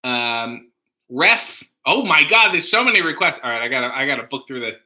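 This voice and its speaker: A man's voice: mid-range voice, animated, moderate pace, pushed and bright. A man hosting a casual livestream, joking around and reading viewer comments aloud. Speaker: livestream host.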